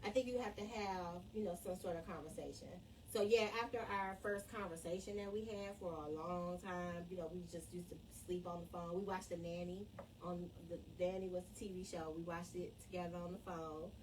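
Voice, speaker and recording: On a live stream, a middle-aged woman chats casually about her husband, laughing and growing emotional as she goes. Her voice sits on the low side, fairly even in intonation and fairly quick. The mic is distant, with faint background noise.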